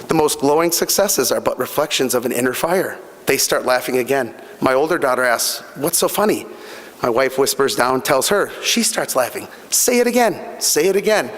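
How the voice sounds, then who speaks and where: Earnest middle-aged man in a reverberant hall. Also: medium pitch. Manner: earnest storytelling, repeats himself, many fillers. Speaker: guest speaker at a fundraising breakfast. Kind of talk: motivational speech with personal stories.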